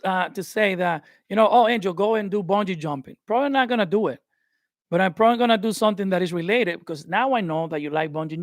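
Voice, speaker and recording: Guy with a high voice coaching youtubers on a live stream, lively and laughing, dry room. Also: dry recording. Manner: animated, conversational, laughs often. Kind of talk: live-stream tutorial talk. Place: home studio, indoors.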